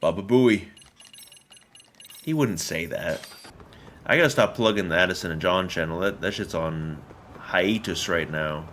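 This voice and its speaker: A man's voice: low-pitched, a little slow, pauses often, a bit bright, a little hiss or hum. A man streaming a video game, rambling through casual commentary full of jokes and swearing. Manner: joking, profane, rambling.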